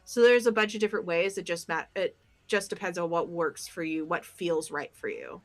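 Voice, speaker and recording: A woman's voice: on the low side, moderate pace. A woman co-hosting a casual stream, explaining tarot practice with frequent ums. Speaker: tarot reader and co-host. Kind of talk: casual chat.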